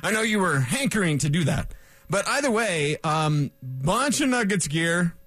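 A middle-aged man from Colorado hosting a sports radio show, talking fast and excitedly with little chuckles between thoughts. His voice sits high for a man and he sounds slightly out of breath. The mic is close and dry, with no room sound. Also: no echo. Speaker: sports talk host.

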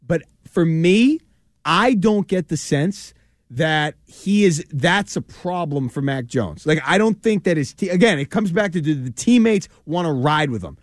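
A man, co-hosting a sports podcast and making his case in an earnest, measured way. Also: a little high, expressive, no room sound, studio quality. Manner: earnest, measured, reasoning aloud. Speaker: podcast co-host. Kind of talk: casual sports talk.

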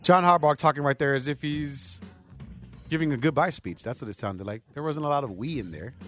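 A man's voice: a little high, fairly quick, over music. A man in his thirties hosting a sports radio show, talking casually and rambling straight to his listeners. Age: 30s. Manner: rambling, chatty, addresses listeners directly. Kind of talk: casual sports talk monologue.

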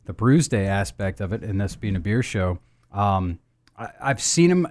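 On his beer podcast, an animated, fairly quick-talking host rambles through casual chat. He restarts and uses fillers often, and his pitch and volume swing up and down.

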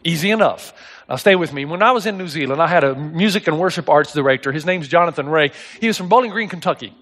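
A middle-aged male pastor with a strikingly high, somewhat bright voice preaches a sermon quickly and expressively. He brings his anecdotes to life by imitating the voices of the people in them.

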